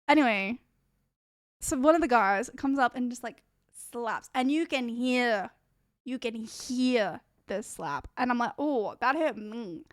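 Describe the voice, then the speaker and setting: Smooth-voiced young woman telling a rambling story. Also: on the high side, a little slow, no room sound, studio quality. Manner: rambling, full of fillers and swearing. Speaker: streamer. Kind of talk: casual storytelling on a live stream.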